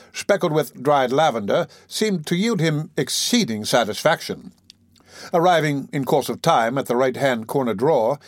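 Measured male audiobook narrator. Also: medium pitch, no room sound, studio quality. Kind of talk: scripted narration of a classic novel.

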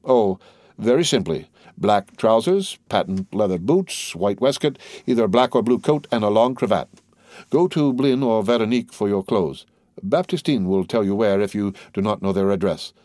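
A man's voice: on the low side, animated, normal speed, a little mellow, no room sound, studio quality, close to an everyday voice. A man voicing a composed, authoritative count in an audiobook, courteous and cool. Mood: commanding, courteous.

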